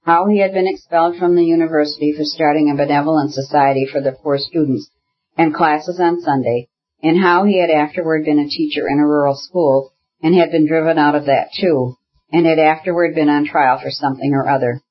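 A man reads a classic novel aloud in measured, even narration. His fairly high voice has a husky edge. The recording sounds dull and lo-fi. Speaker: audiobook narrator.

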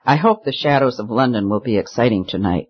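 A man's voice: medium pitch, animated, a little fast, breathy edge. A man voicing a spoiled, bored rich young woman who talks carelessly and with petulance, in a slightly muffled recording. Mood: petulant.

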